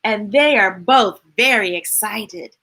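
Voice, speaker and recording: Slow, bright-voiced woman reading picture books. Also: mid-range voice. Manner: playful and expressive, asks listeners questions. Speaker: storytime reader.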